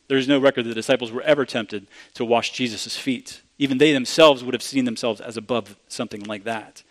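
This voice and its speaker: A man delivers a sermon as if talking with friends, restarting his phrases now and then. His voice sits at an ordinary middle pitch. When he quotes a passage he leans in and becomes more emphatic. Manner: conversational, restarts often, grows emphatic when quoting. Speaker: preacher.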